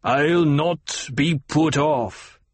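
A man voicing a gruff, disdainful imperial officer with a growl in an audiobook. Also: fairly high pitch, lively intonation, unhurried, no room sound, exaggerated voice.

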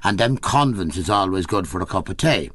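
A man's voice: deep voice, animated, a little fast, a bit bright, no echo. A man voicing a self-pitying, down-and-out Irish male tramp, whimpering and gloomy, with an Irish accent. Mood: gloomy whining.

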